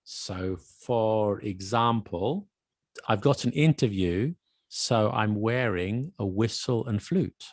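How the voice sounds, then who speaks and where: Low gravelly guy co-hosting a chat show, patient explainer, dry close sound. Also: takes it slowly, dry recording. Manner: explains patiently, gives examples. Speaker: podcast co-host. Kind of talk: casual chat about accents.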